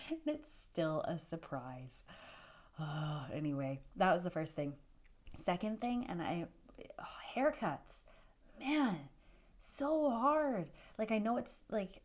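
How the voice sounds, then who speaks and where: A young woman from Canada talks casually to her camera in a vlog, piling on fillers and poking fun at herself. Her voice sits a little low for a woman. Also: darkish tone. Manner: chatty, self-deprecating, lots of fillers. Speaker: vlogger.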